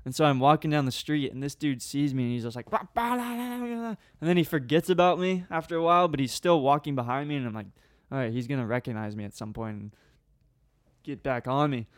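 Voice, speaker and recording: A young man casually telling a long funny story on a podcast, animated and laughing often. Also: mid-range voice, fast talker, smooth, dry recording, studio quality. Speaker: podcast co-host.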